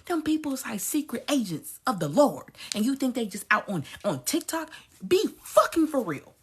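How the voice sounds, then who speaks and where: Husky high-voiced woman ranting. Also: very animated, normal speed. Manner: blunt, cursing, swings from low mutters to loud outbursts. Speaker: vlogger. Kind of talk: profane rant to camera.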